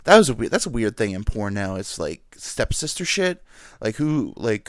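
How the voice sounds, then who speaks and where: Lively rambling man on a podcast. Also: on the low side, moderate pace, dry recording, clean studio sound. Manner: rambling and crude, heavy on filler words. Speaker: podcast host. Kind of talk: casual solo podcast monologue. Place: at home.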